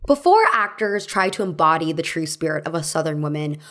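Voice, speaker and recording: A woman's voice: low voice, very animated, brisk, fairly bright tone, soft background music. A young woman hosting a scripted video essay, with a wry, conversational delivery and asides that make her laugh.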